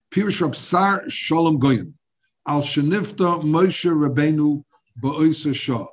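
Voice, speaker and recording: Husky-voiced man teaching a Talmud class. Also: a little high. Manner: halting, repeats words when searching.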